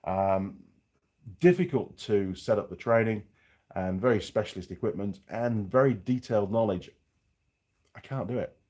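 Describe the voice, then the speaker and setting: A man's voice: lowish voice, expressive, normal speed, pauses often, a little mellow. A middle-aged man from Yorkshire with a faded Yorkshire accent, a mechanic chatting casually and frankly to viewers on a livestream, with rambling asides. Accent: faded Yorkshire English. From Yorkshire, England. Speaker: mechanic and channel host.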